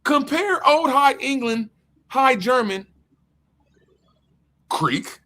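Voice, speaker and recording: A man hosting a livestream, reading from his screen and thinking out loud in loose, profane casual talk with frequent laughter. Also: very high-pitched, animated, very slow. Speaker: livestream host.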